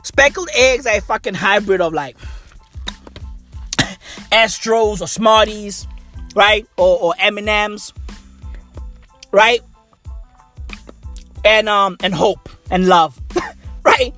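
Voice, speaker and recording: A man's voice: sits high, takes it slowly, long pauses, pushed and bright, faint music behind. A man ranting casually and profanely, rambling and repeating himself. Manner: rambling, repetitive, heavy swearing. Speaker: vlogger.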